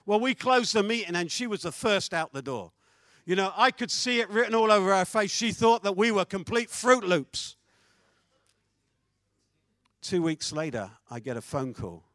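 A man preaching a sermon, telling a story with animated swings between loud declarations and hushed asides. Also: high voice, normal speed, no room sound.

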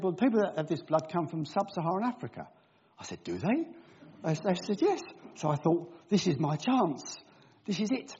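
Captured on a dull, lo-fi recording, a speaker at a gathering, an older man, begins with a Bible reading before a funny, self-mocking talk full of anecdotes and impressions. He has a high, husky voice with a darkish tone.

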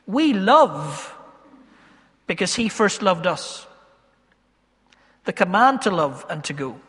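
A man, a pastor preaching a sermon in church, moving between loud emphasis and hushed, slowed asides. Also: sits high, very animated. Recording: long hall reverb.

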